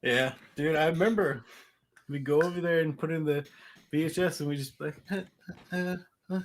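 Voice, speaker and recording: A man's voice: fairly high pitch, moderate pace. A young man co-hosting a podcast, telling a childhood story in casual chat and laughing often. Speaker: podcast co-host.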